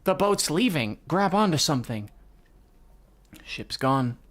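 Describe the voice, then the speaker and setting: A man's voice: a little high, very animated, unhurried, fairly bright tone. A man reading a comic aloud and reacting as he goes. He talks casually, swears often and sighs between thoughts. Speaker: manga reader reacting. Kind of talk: live reading reaction commentary.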